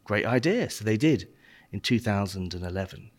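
A man's voice: lowish voice, lively intonation, quick pace, husky. A man hosting as the wine expert, explaining things eagerly with rambling asides. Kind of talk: casual chat.

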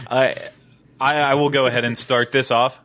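A man's voice: mid-range voice, flat delivery, normal speed, a bit bright, dry recording. A young man hosting a casual podcast, chatty and enthusiastic with many fillers. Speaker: podcast host.

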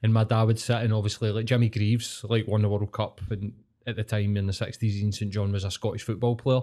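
A man's voice: lowish voice, flat delivery, a little fast, dark tone. A man with a Glaswegian accent, co-hosting a podcast and telling sweary, rambling anecdotes in casual chat. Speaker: podcast co-host.

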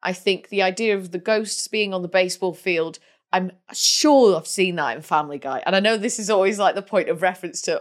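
A woman's voice: medium pitch, animated, fairly quick. A woman co-hosting a film podcast, thoughtful and hesitant, with lots of 'like' and 'um'. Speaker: podcast co-host. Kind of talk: casual chat.

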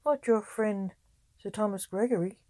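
A woman's voice: medium pitch, moderate pace, mellow, natural voice. A woman voicing a friendly male earl with a French accent, eager and inquisitive.

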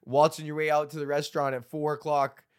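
Profane rambling man, higher pitch. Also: little pitch movement, fast talker, clean tone. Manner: profane, rambling, laughs at own jokes. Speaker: comedian podcast host. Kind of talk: solo comedy podcast, reading old jokes.

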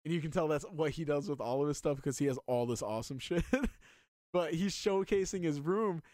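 A man chatting casually as a podcast host, excitedly rambling with lots of filler words. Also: fairly high pitch, a little fast, no echo, studio quality. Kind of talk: casual chat.

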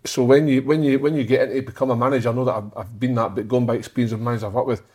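A man's voice: medium pitch, steady tone, very fast, darkish tone, husky. A man, a footballer, giving blunt, sweary opinions in casual chat. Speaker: footballer, podcast guest.

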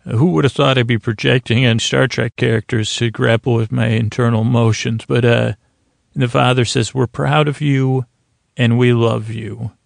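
A man hosting a sleep podcast, recapping a TV episode in a soft, meandering way with many fillers and restarts. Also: medium pitch, fairly even intonation, normal speed, gravelly, no room sound.

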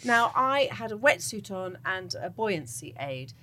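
A woman's voice: medium pitch, a little slow, a crowd in the background. A woman TV presenter telling a wild story in casual chat, acting it out, laughing and tearful. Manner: excitable storyteller, acts out scenes, laughs and cries while telling. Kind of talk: animated anecdote in casual chat.

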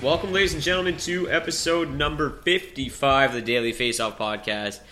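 A man's voice: on the high side, fairly even intonation, brisk, sharp tone, faint music behind. A man hosting a casual hockey podcast, chatting loosely with laughs and fillers. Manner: laughs easily, many fillers. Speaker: podcast host.

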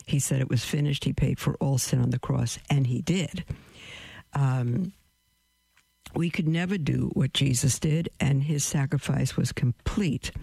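A man hosting a call-in show, explaining patiently with a homely example, earnest and halting with restarts. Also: medium pitch, vocal fry, darkish tone, husky, dry recording. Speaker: Catholic radio host answering a caller. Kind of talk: call-in teaching, explaining with a story.

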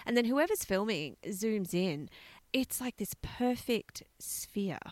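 A woman co-hosting a podcast, chatting casually and telling stories with excitement, laughing often. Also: mid-range voice, slow, dry recording. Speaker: podcast co-host. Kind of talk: casual chat.

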